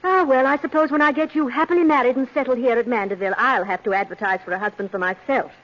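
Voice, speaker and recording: A woman playing a witty, teasing unmarried woman in an old radio drama, with a husky voice. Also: fairly high pitch, fast talker. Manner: teasing, lively, conversational. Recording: dull vintage radio recording.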